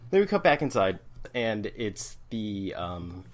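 A man talks through a comic book with friends in loose, casual podcast chat. His pitch rises and falls widely. He laughs easily and throws his voice into quoted lines. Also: measured pace. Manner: animated, laughs often, acts out quotes. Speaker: podcast co-host.

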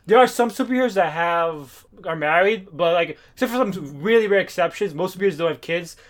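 A man's voice: high-pitched, animated, a little fast. A man in a casual comics chat who talks bluntly, swears and often restarts his sentences.

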